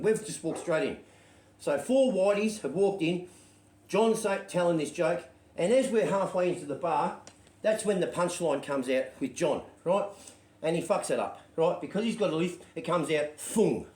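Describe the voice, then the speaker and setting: A man's voice: sits high, animated, moderate pace, darkish tone. Man, rambling storyteller, swears freely, roomy echo. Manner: rambling, checks in with "right?" constantly, swears freely. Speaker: show host telling a story. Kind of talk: casual anecdotal storytelling. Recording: roomy echoey sound.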